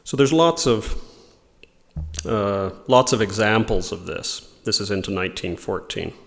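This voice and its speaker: In a large hall, a man with a lowish, slightly bright voice gives an informal religious lesson. He thoughtfully explains ideas and reads quotations aloud.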